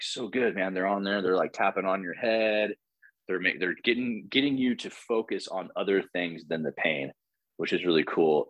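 A man's voice: low voice, a bit bright, no room sound. A young man telling a long personal story in a loose, casual way, with lots of fillers and the odd swear word. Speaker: podcast guest.

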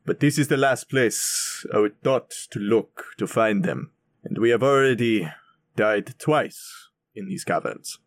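A man's voice: on the low side, measured pace, dry recording. A man voicing a formal, dryly sardonic adventurer in a tabletop role-play. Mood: earnest. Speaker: player voicing his character.

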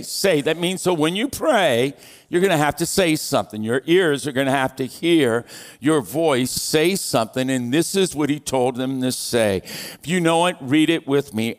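A man's voice: medium pitch, expressive, normal speed. A male pastor, preaching a sermon, leading his congregation in reading aloud together and slipping in playful jokes. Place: large church hall. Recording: long church hall reverb.

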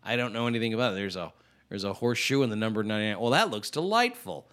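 A man's voice: fairly low pitch, rapid-fire, clear, resonant tone. A man co-hosting a podcast, chatting casually and joking playfully with his friend. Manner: playful, joking, lively delivery. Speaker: podcast co-host. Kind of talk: casual comedic chat.

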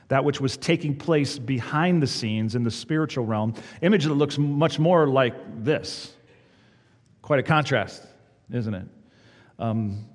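A man preaching a sermon as pastor, asking the congregation rhetorical questions. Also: mid-range voice. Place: church sanctuary. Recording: long reverb of a church hall.

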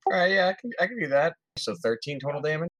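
A man's voice: on the high side, very animated, quick pace, fairly bright tone, no room sound. A man playing a tabletop game, chatting casually and eagerly with the game master. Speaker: player.

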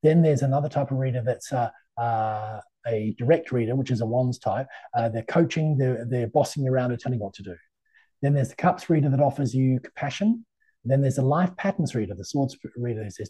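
A middle-aged man who reads tarot is a guest in a casual interview, talking a little fast in a mellow, mid-range voice with a breathy edge. He is chatty and anecdotal, with frequent fillers.

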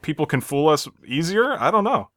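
A man's voice: fairly high pitch, sing-song, brisk, pushed and bright, no echo, clean studio sound. An American man hosting a podcast in casual chat, easygoing, often chuckling and hedging with "I think". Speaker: podcast host.

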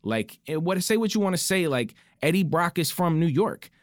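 A man's voice: fairly high pitch, sing-song, normal speed, no echo. A man co-hosting a casual movie podcast, blunt, ranting and profane. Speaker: podcast co-host. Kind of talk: casual chat about movies.

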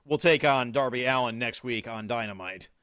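A man's voice: mid-range voice, normal speed, fairly bright tone, no room sound. A man co-hosting a casual wrestling podcast, recapping matches with lots of fillers and laughs. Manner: chatty recapper, laughs easily, many fillers. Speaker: podcast co-host recapping a show.

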